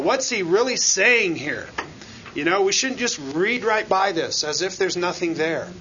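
A man's voice: fairly high pitch, sharp tone, muffled recording, a little hiss or hum. A man teaching a Bible lesson as a sermon, speaking conversationally and often asking the congregation "right?" and "amen?". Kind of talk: expository sermon.

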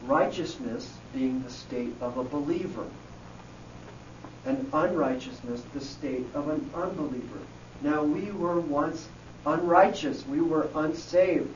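A man teaching a Bible lesson to a group, slowly going over each word and checking in with "okay?" as he goes. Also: fairly high pitch, noisy background. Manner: slow, repeats key words and checks in with "okay?". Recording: echoey, distant, dull room recording.

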